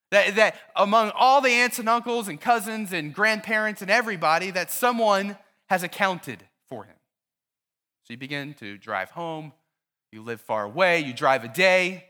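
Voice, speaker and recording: Man preaching, sermon, high bright voice, lively storytelling, church. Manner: storytelling, animated, asks the listeners questions. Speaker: pastor.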